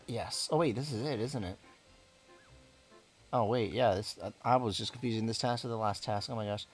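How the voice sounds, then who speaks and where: A man chatting his way through a video game session, rambling and correcting himself as he goes. His voice is on the low side with a gravelly, fry-tinged texture, and faint game music plays under his talk. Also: moderate pace. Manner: rambling, self-correcting, laughs a lot. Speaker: let's play gamer. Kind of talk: casual gameplay commentary.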